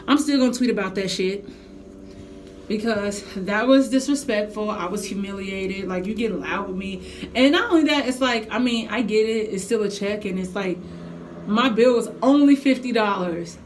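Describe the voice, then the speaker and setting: A young woman vlogging from home, telling a heated storytime with lots of swearing. Her voice is of ordinary pitch for a woman, and she talks straight to her viewers. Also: normal speed, a little hiss or hum. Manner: animated, profane venting storytelling. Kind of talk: casual storytime vlog.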